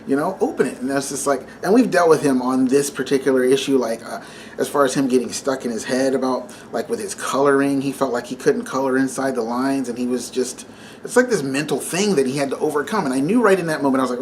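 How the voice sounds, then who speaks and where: A man in his thirties talks through a devotional message in a loose, chatty way, full of filler words and easy laughs. His voice sits at an ordinary middle pitch. A faint hiss runs under the recording. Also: fast, darkish tone. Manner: conversational, many fillers, laughs while telling. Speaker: Christian vlogger. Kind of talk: casual devotional talk.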